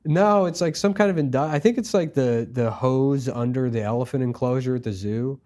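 A man's voice: mid-range voice, moderate pace, mellow. Man riffing crudely in casual chat. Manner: crude, riffing, drops into mocking impressions. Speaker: podcast co-host.

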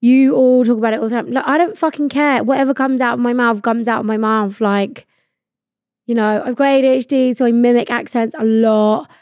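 Young girl ranting on her podcast, swears loads, kinda high voice, dead dry mic. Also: steady tone, fairly quick, a little mellow, no echo. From England. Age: 20s. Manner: blunt, sweary, laughing, lots of "like". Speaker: podcast host. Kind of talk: casual solo podcast chat.

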